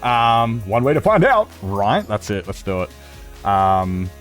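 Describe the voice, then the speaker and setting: A man's voice: lowish voice, sing-song, takes it slowly, faint music behind. A young Australian man chatting casually on a game stream, blunt and rambling, swearing freely as he talks to his viewers. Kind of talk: casual live-stream chat.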